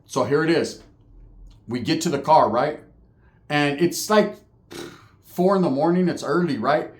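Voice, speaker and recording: A man's voice: fairly high pitch, unhurried. A man telling a story casually, with lots of slang and swearing. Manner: profane, slangy, animated. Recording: echoey room.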